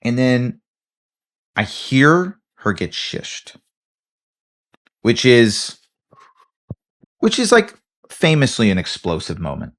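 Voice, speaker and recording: A man's voice: medium pitch, takes it slowly, long pauses. A man, a comedian co-hosting a podcast, telling a story in casual chat and acting out the people in it. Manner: animated storytelling, acts out voices.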